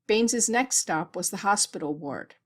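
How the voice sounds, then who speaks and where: A woman narrating a science fiction story as an audiobook, with a mid-range pitch for her sex. She keeps a steady, even storytelling pace throughout. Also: normal speed. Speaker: audiobook reader.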